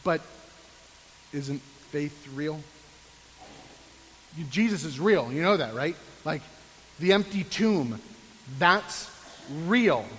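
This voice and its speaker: A man's voice: fairly high pitch, expressive, takes it slowly, pauses often, fairly bright tone, in a large hall, rough recording. A man preaching a sermon with a sarcastic, mock-complaining edge before turning earnest. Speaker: pastor.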